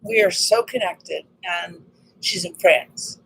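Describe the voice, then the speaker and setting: A woman with a slightly raspy voice talks excitedly and earnestly in a casual personal vlog about healing. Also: fairly low pitch, slow, slight background noise, low-quality recording. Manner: earnest, excited, spiritual self-help talk. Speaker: vlogger.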